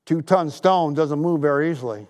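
A pastor in his sixties preaches a sermon in a fairly high, slightly mellow voice at a moderate pace. He retells a story with emphasis and makes earnest appeals.

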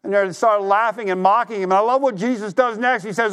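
A male pastor preaching a sermon, telling stories animatedly, acting out the voices he quotes and dropping to a hush for emphasis. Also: high voice, fairly even intonation, brisk, clean tone. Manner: drops to a hushed voice for emphasis.

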